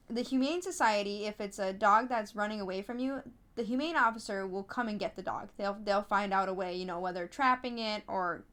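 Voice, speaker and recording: A woman telling stories in a casual podcast interview, chatty and animated, with frequent fillers and restarts. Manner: animated storytelling, acts out others in high voices. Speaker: podcast host, app founder being interviewed.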